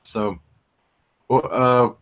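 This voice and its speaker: A Texan man in a casual chat, speaking hesitantly with many pauses and fillers. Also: mid-range voice, fairly bright tone. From Texas.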